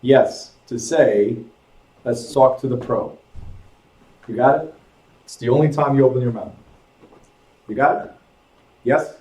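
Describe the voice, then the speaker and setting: A man's voice: medium pitch, unhurried, pauses often, darkish tone. A man instructing a real estate class in a direct, conversational way, checking in with his students. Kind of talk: casual classroom teaching. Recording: echoey classroom.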